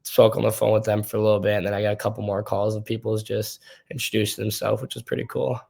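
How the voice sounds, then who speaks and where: A young man from Minnesota talks in a low voice that barely rises or falls, keeping an even, level tone through his answers. He tells his stories loosely and casually, with plenty of filler words, like a guest chatting on a sports podcast. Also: quick pace, creaky, husky. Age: young adult. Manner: relaxed, loose storytelling with many fillers. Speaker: hockey prospect guest.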